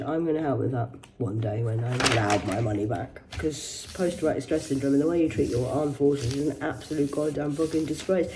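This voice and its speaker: A woman's voice: sits low, warm tone, slight background noise. A woman, reading news headlines aloud in a rambling vlog, swearing heavily and adding mocking asides. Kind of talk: rambling livestream commentary.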